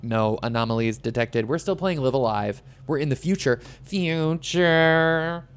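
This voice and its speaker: A man's voice: mid-range voice, lively intonation, brisk, slight background noise. A man casually streaming a video game, chatty and playful, reading chat aloud and commenting as he plays.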